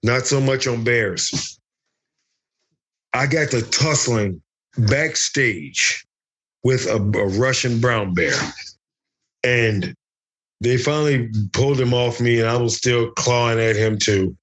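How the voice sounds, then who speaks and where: Husky-voiced man telling wild stories. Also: mid-range voice, slow pace, pauses often, a bit bright. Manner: profane, joking, acts out other voices. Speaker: interview guest, former fighter. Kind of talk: animated storytelling.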